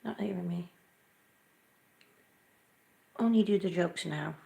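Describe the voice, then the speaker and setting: A woman hosting a livestream, talking loudly and bluntly to her chat. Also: fairly low pitch, takes it slowly, creaky. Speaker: livestream host.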